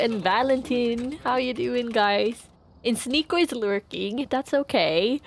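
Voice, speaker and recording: A woman livestreamer chatting casually with her viewers, playful and quick to laugh as she greets them by name. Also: fairly high pitch, gravelly. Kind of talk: casual chat with stream viewers.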